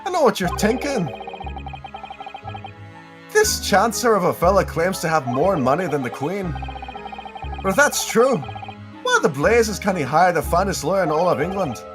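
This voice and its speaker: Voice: medium pitch, big pitch swings, normal speed, long pauses, music in the background, pitched above the performer's own voice, natural voice. Someone doing a blustering Irish gent. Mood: boastful. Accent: put-on Irish. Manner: blustering, theatrical. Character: boastful Irish gentleman, a wealthy client.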